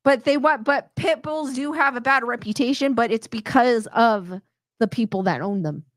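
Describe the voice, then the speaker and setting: A woman's voice: on the high side, moderate pace, no room sound, studio quality. A middle-aged woman hosting a casual live stream, chatty and rambling, often restarting her sentences and reading out viewer comments. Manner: reads viewer comments aloud. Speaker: host reading chat comments.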